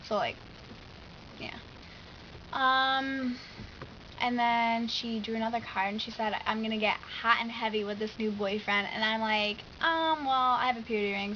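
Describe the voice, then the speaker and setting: A teenage girl telling a story in a casual vlog, chatty and animated, full of "like.". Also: on the high side, dull audio, a little hiss or hum. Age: teens. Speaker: vlogger.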